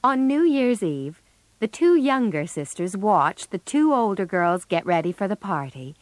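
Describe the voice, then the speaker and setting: A woman narrating a storybook audiobook in a clear, measured reading. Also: medium pitch, very animated, no echo.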